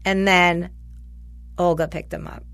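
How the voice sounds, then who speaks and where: Animated mom telling stories, dry sound. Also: female voice, on the low side, a little slow, creaky, smooth, no echo. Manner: animated storyteller, swears freely, acts out dialogue. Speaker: parent of a teenage son. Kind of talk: casual chat between friends.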